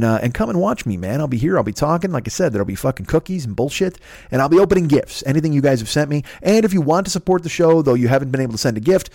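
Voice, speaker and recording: A man's voice: mid-range voice, darkish tone, no room sound, clean studio sound. A man from Chicago hosting a podcast from home, delivering a profane, exasperated comedic solo rant. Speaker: podcast host. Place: his home.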